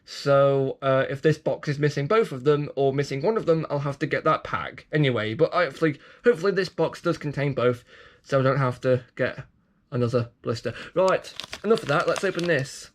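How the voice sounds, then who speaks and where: A man's voice: mid-range voice, expressive, fairly quick. A man rambling through a casual toy unboxing, self-mocking and prone to fits of giggling.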